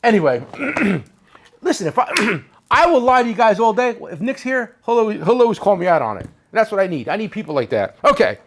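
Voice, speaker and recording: In a noisy shop recording, a man hosts a casual chat about tools, rambling and cracking jokes at his own expense. His voice sits high, swings widely in pitch, and moves at a brisk clip.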